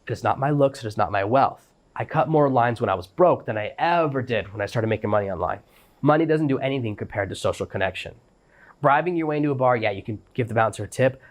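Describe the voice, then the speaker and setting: Quick-talking guy, medium voice, coaching style, repeats stuff to drive it home. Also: mid-range voice. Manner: emphatic, repeats phrases for stress. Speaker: podcast host. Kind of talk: instructional monologue.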